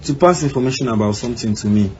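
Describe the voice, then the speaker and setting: A man's voice: medium pitch, very fast, a little mellow, natural voice. A man voicing an evasive young husband in a cartoon, answering defensively. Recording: slightly dull with faint background noise.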